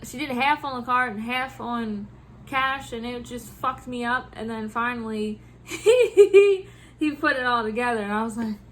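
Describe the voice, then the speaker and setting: Woman, vlogger, casual venting, swears a lot, laughs often, fairly high, bright voice. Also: measured pace, a little hiss or hum. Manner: animated, profane storytelling. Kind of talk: casual venting about work over a drink.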